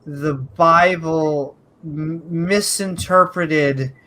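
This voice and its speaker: A man on a panel in a casual skeptic chat, talking in an animated, jokey way with plenty of fillers. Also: a little high, drawn-out words, slight background noise. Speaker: panelist on a skeptic discussion show.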